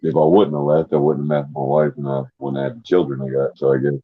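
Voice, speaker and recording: A man's voice: extremely low pitch, completely flat delivery, fast talker, slightly rough, dry recording. A middle-aged man, a guest in casual chat, ranting angrily and swearing often. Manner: angry, profane ranting. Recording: dull, dry sound.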